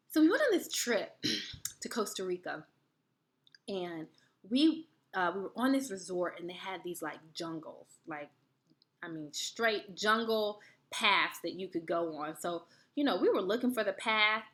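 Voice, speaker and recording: A woman hosting a wellness video, giving advice through chatty, animated personal stories. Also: mid-range voice. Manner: chatty and animated, laughs while telling stories. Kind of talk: storytelling advice talk.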